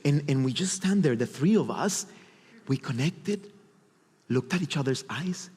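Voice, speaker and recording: Animated male speaker in a reverberant hall. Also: on the high side, a little slow, breathy edge. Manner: animated, acts out his inner voices. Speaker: motivational speaker. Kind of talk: storytelling stage talk.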